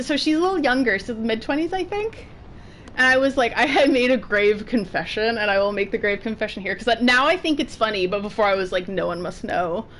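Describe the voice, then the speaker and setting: A young woman streaming a game, chatting casually and excitedly with frequent giggles. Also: sits high, a little hiss or hum. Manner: bubbly, giggly, chatty with many "like"s. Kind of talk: casual chat while playing.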